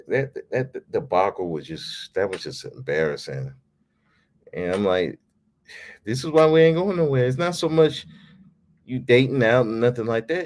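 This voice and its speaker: A man hosting a podcast, ranting in a casual, heated way, swearing freely and repeating himself. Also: fairly high pitch. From United States. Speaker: podcast host.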